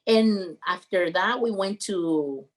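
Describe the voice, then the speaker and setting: A woman with a medium-pitched voice speaks English slowly as a podcast guest who founded a roofing business. She tells an emotional story in conversation, animated and earnest, and her grammar shows she is not a native English speaker.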